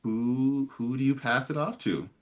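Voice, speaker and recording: A man's voice: mid-range voice, measured pace. A man running a tabletop game as game master, explaining rules in a loose, chatty way.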